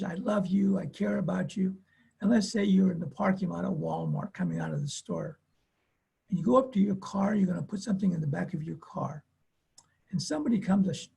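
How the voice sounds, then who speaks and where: A man's voice: high voice, creaky, dark tone, slightly rough. A man who works as a family therapist, giving an earnest webinar talk and telling personal stories, with lots of repetition. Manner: earnest, repetitive, acts out quoted voices.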